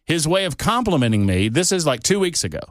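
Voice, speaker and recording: A man's voice: a little high, big pitch swings, fast, no echo, clean studio sound. A man on a talk radio show, chatting casually with the host in a teasing, conspiratorial way. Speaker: radio show regular, political commentator. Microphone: studio microphone.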